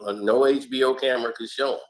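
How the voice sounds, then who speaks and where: A man being interviewed, telling stories in a casual, animated way. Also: mid-range voice, fast talker, poor audio. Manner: animated, lively storyteller. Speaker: interview guest. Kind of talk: casual storytelling.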